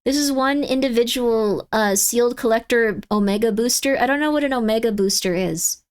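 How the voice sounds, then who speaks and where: A woman streaming live, chatting casually and rambling in exasperated disbelief, her voice often jumping up in pitch. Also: normal speed, smooth.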